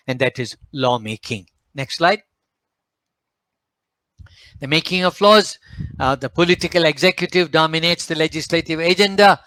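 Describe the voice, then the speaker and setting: A man with a Malaysian English accent delivering a formal slide talk, measured and emphatic, pausing now and then to hesitate. His voice sits somewhat high for a man. The sound is dry and close, with almost no room echo. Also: bright, forceful tone. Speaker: speaker at a panel forum.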